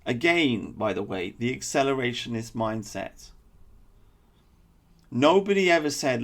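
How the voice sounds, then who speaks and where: Gravelly blunt man. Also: medium pitch, big pitch swings, unhurried, a bit bright. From England. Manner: blunt, opinionated, sarcastic asides. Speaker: political commentator. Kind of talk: political commentary monologue.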